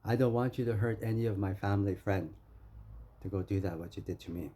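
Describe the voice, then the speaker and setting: Man, very dark husky voice, rambling confrontational rant, low-ish pitch. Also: brisk. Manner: confrontational, rambling, keeps calling the listener "friend". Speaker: vlogger. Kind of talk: ranting monologue.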